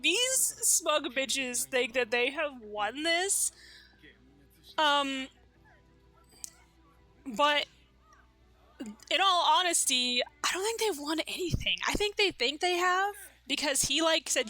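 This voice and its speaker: A woman's voice: sits high, lively intonation, slow, pauses often, pushed and bright, faint music behind. A woman giving casual, chatty reaction commentary on an anime episode, full of fillers like "like" and "you know".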